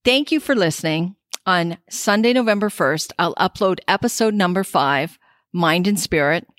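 A woman's voice: on the low side, lively intonation, moderate pace, fairly bright tone, no room sound, studio quality. A woman hosting a spiritual podcast, reflective and heartfelt. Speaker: podcast host. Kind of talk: casual podcast talk.

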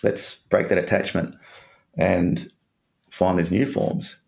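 A man's voice: deep voice, fairly even intonation, takes it slowly, creaky, darkish tone. A man from Australia telling a candid personal story in an interview, rambling and swearing casually.

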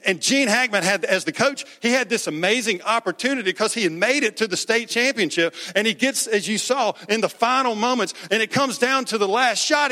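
A pastor preaches in a sharp, high voice, keeping the sermon conversational by questioning the congregation and repeating words. The recording carries the echo of a hall.

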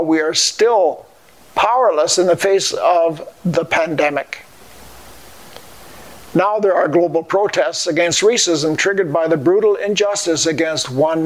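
An older man delivering a scripted devotional message in an earnest, measured way. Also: sits high. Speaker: Christian speaker.

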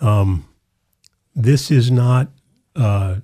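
A man's voice: mid-range voice, very slow, dark tone, no room sound, clean studio sound. A man, a pastor, speaking earnestly and affirmingly in a casual discussion of scripture.

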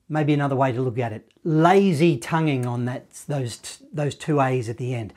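A man teaching a saxophone lesson, walking through the notes in a relaxed, encouraging way and scatting the phrases. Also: a little high, fairly quick, few pauses. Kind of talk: online music lesson.

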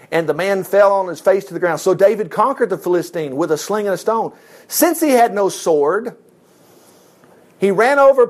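A man delivers a sermon with a high, bright-sounding voice that swoops all over as he tells the story. He acts out the quotes and chuckles between lines. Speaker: preacher.

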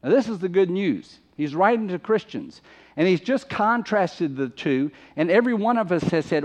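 A man's voice: sits high, expressive, normal speed, darkish tone. A man preaching a sermon in an emphatic, conversational way, often repeating phrases for stress. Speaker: pastor. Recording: muffled lo-fi recording.

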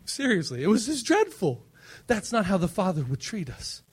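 A male pastor preaching a sermon, emphatic and swinging between loud passages and soft, low ones. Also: wildly swooping pitch, moderate pace, breathy edge.

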